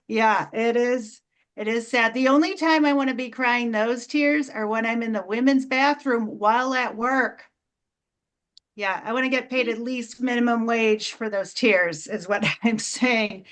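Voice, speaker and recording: A woman hosting an online comedy show, doing a deadpan stand-up set full of fillers and restarts. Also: mid-range voice. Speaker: comedy host. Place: video call.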